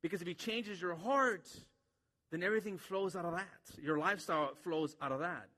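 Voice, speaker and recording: A man's voice: sits high, moderate pace, pushed and bright, big-room sound. A man preaching a sermon to a church congregation in a casual, joking way, with many fillers. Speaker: pastor.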